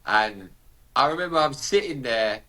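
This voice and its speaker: A man's voice: mid-range voice, animated, normal speed, bright, forceful tone. Slangy British man telling his story. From United Kingdom. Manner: vivid, slangy, re-enacts dialogue. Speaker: podcast guest. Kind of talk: personal storytelling.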